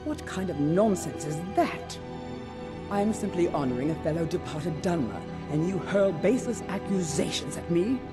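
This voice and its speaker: A man voicing a haughty dark elf. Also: a little high, lively intonation, moderate pace, over loud music, natural voice. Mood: formal, indignant. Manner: formal, indignant.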